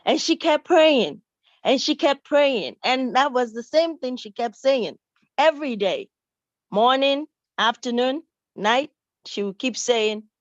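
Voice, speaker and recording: A woman telling a Bible-style story to children at church, lively and expressive. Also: sits high, slow, no room sound. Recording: dull, dry recording.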